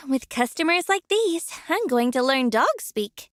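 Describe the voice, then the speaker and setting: A woman's voice: extremely high pitch, big pitch swings, slow pace, no echo, clean studio sound, full character voice. A young woman voicing a kind florist in a game, friendly and chatty with her customers. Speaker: florist shopkeeper. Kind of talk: game voice acting.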